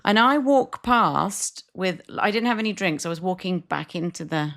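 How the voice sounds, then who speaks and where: A woman's voice: fairly low pitch, lively intonation, normal speed, a bit bright. A woman with a New Zealand accent, co-hosting a podcast as a chatty storyteller who laughs often. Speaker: podcast co-host. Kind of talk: casual chat.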